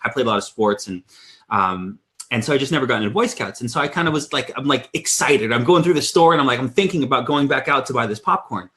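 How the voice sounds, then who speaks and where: A man in his thirties hosting a weekly sales training call, telling a story in an energetic, animated way with many restarts. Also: quick pace. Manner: energetic storyteller, lively swings in pitch. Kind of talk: casual live-stream talk.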